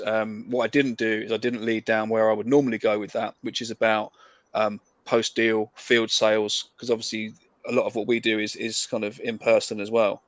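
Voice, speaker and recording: Over a video call, a sales rep with an English accent runs a practice cold call, keeping it casual, friendly and persuasive, full of fillers. He's from England, with a lowish, slightly bright voice on a dry recording.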